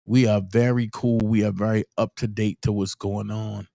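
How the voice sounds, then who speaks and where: A man hosting a live commentary stream gives shout-outs to viewers, then turns blunt and heated, repeating his points for emphasis. His voice is on the low side, level and creaky at a moderate pace, recorded in clean studio quality with no echo.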